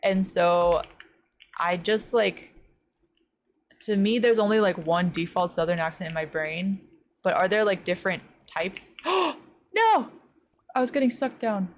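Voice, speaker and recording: A young American woman from the West Coast, streaming a game and chatting casually, full of "like" fillers and quick gasps and squeals. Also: fairly low pitch, fairly even intonation, a little hiss or hum. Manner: chatty, says "like" a lot, startled gasps and squeals while playing. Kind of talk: casual chat while gaming.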